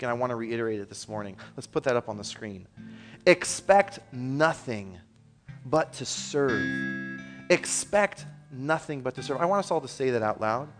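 A man in his thirties preaching a sermon from a church stage. He tells a family story with earnest, excitable energy and laughter. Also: mid-range voice.

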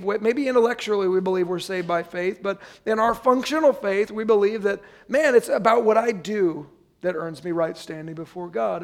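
High-voiced, gravelly male preacher. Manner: conversational preaching with frequent asides to the congregation. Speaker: pastor. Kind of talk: sermon. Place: church.

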